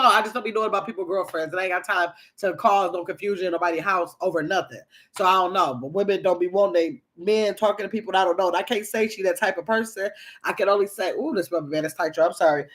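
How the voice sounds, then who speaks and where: A woman chatting on a casual live stream, reading viewer comments aloud and greeting people by name. She tells a story in a lively, animated way. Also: medium pitch. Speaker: livestream host.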